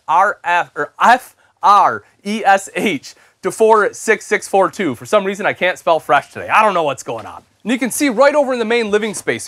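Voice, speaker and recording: A man's voice: high voice, a bit bright, dry recording. A young man hosting an RV show, giving an enthusiastic, chatty sales walkthrough inside a travel trailer and calling viewers "folks". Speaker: RV show host.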